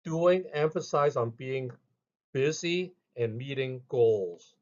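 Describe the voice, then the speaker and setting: A man narrating a scripted lesson in a measured way, reading out each heading with emphasis. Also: mid-range voice, animated, darkish tone, muffled recording. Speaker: instructor.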